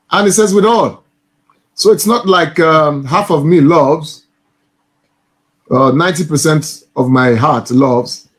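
A male church minister teaching from the Bible, stressing points by repeating phrases and now and then addressing someone as sir. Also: on the high side.

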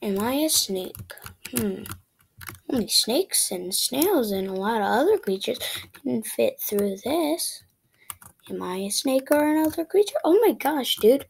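A woman giving casual gameplay commentary, frustrated and excitable, shouting at the game character and dropping into whispered asides. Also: on the high side, unhurried, creaky, a little hiss or hum. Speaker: gaming video creator.

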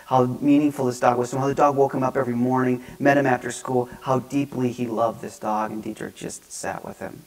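A man giving a lecture, telling stories in an animated, self-mocking way that swings between hushed and loud. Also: mid-range voice, poor audio. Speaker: speaker at a divinity school lecture. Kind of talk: storytelling lecture. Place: lecture hall.

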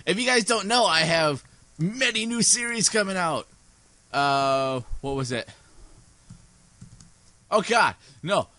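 Goofy, animated young man gaming. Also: high-pitched, slow pace, long pauses, no echo. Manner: goofy, rambling, sings snippets and silly voices. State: sleepy. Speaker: gaming YouTuber. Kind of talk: let's play commentary.

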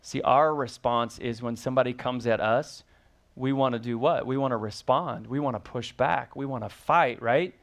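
A man's voice: mid-range voice, normal speed. A man preaching as pastor, reading scripture aloud and then explaining it with rising emphasis and questions to the congregation. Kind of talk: sermon.

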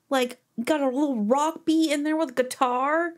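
A woman's voice: sits high, steady tone, moderate pace, hardly any pauses. A woman hosting a music reaction video, talking casually and exclaiming and swearing in surprise. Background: faint music playing.

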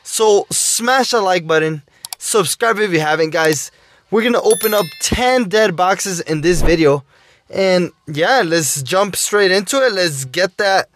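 A man's voice: high voice, lively intonation, a little slow, fairly bright tone, slight background noise. A male YouTuber giving gameplay commentary while opening loot boxes, pleading for luck and calling out to his viewers again and again. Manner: pleading, keeps saying "guys" and "oh my dude". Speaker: mobile gaming YouTuber.

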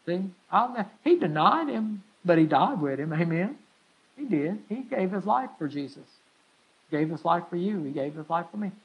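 A man pastor preaching a sermon in a church, emphatic and stirring, calling out "amen" to the congregation again and again, swinging from soft, low lines to loud, raised ones. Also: expressive, normal speed, husky, muffled recording. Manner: emphatic preaching with frequent call-outs of "amen"; pitch and loudness rise and fall widely between lines.

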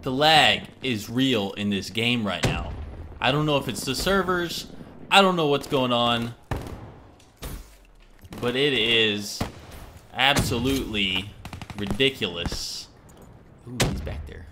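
A man with a Texan accent giving excitable live commentary over his gameplay and talking back to the game. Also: medium pitch, slow pace, pauses often, background noise. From Texas. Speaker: gaming vlogger.

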